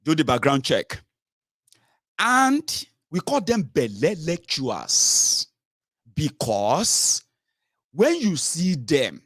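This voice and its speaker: A man's voice: on the high side, huge pitch swings, takes it slowly, long pauses, a bit bright, dry recording, studio quality. Scornful Nigerian man ranting. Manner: scornful, mocking, repeats insults. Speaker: political commentator. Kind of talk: opinion vlog rant.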